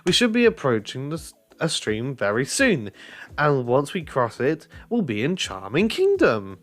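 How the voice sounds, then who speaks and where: A man's voice: mid-range voice, huge pitch swings, a little slow, a bit bright, voice pushed up. A man voicing a confident, bossy girl twin who gloats over her brother.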